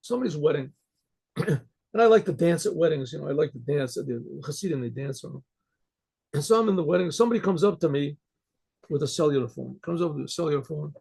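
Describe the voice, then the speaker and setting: A man with a gravelly, husky voice and a dark tone, pitched a little high for a man. He tells his story in a rambling, animated way, often restarting his sentences. The sound comes through a computer mic on a video call. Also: a little fast. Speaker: rabbi. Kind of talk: storytelling talk.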